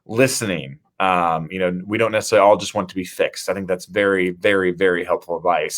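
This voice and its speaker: A man's voice: low-pitched, fairly even intonation, a little fast, hardly any pauses, fairly bright tone. An American man from the Midwest, hosting a live talk show in a casual way with lots of fillers. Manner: casual, many fillers like "you know". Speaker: host, city mayor.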